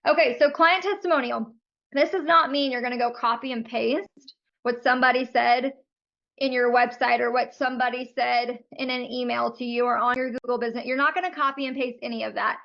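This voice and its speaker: High-voiced woman coaching over video call. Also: fairly even intonation, fairly quick, vocal fry, highs cut off. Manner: friendly, frank and chatty. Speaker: business coach for photographers.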